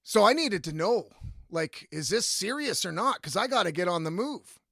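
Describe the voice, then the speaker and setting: A man hosting a podcast, telling a rambling story in a casual, profane and lively way. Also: sits high, no echo, studio quality. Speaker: podcast host.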